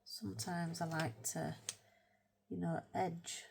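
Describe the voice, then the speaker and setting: A woman with a low voice and an unhurried pace chats her way through a colour-with-me painting session. She rambles, pokes fun at herself and drops to a soft murmur as she works the brush. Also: level tone, gravelly, slightly rough. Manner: chatty, rambling, self-mocking. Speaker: art channel host. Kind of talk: casual colour-with-me chat.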